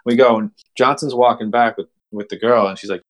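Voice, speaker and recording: A young man on a podcast telling a rowdy story casually, acting out the quotes with big jumps in his voice. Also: fairly quick. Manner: animated, acts out quotes with big pitch jumps. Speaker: podcast host.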